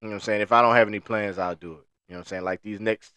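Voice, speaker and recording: A man's voice: on the low side, steady tone, very fast, bright, forceful tone, clear, resonant tone, dry recording. Laid-back man telling a story. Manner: loose storytelling in Southern slang. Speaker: podcast co-host. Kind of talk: casual podcast chat.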